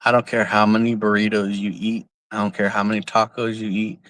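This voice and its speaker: A young man from San Jose, California, rants outdoors while hosting a casual livestream, speaking briskly in a lowish, fairly bright voice with little pitch movement. He's blunt and profane and keeps repeating his points, and the sound is dry and close with almost no room echo.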